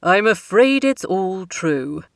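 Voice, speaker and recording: A grave, worried older king, as a woman narrator puts him on speaks in slow, heavy, solemn tones. The storybook reading stays close and dry. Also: medium pitch, animated, gravelly, dry recording.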